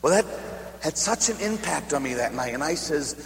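A man, a Catholic priest, preaching a sermon as an animated storyteller who acts out the dialogue. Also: on the high side, normal speed. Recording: echoey hall, faint hum.

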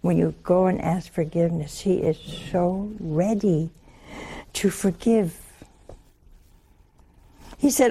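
A woman giving a sermon, telling homely stories with humor and slow, drawn-out emphasis. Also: fairly low pitch, steady tone, mellow, breathy edge. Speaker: religious speaker.

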